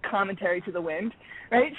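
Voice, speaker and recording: A woman on a radio call-in show, telling a story in a lively way, acting out the dialogue and laughing often. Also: mid-range voice, moderate pace, heavy background noise. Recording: tinny phone line.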